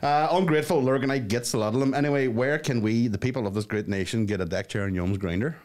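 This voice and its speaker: A man's voice: medium pitch, quick pace, a little mellow. A man co-hosting a podcast, reading out listener messages in crude, joking banter. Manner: crude, joking, laughs often. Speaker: podcast co-host.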